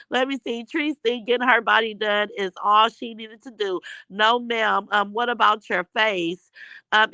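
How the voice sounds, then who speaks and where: A woman's voice: fairly high pitch, pushed and bright, smooth, no echo, rough recording. A woman hosting a casual gossip livestream, reading viewer comments aloud with sassy, mocking commentary and laughter.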